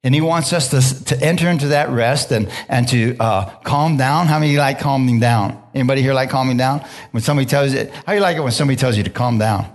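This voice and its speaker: A man pastor preaching a sermon in a church, conversational and relaxed, laughing now and then, with frequent calls of "hallelujah" and "amen?" to the congregation. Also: medium pitch, quick pace, few pauses. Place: church sanctuary.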